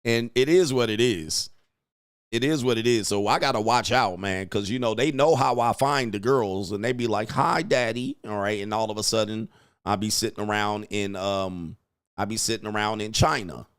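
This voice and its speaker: A man's voice: fairly low pitch, normal speed, clear, resonant tone, no room sound, studio quality. A man hosting a casual commentary show, joking and laughing at his own lines as he rambles. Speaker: commentary show host and dating coach.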